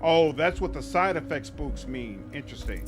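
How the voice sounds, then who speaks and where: A man's voice: on the high side, expressive, normal speed, music in the background. A man giving casual gameplay commentary, chatty and amused, thinking aloud as he plays. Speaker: gaming streamer.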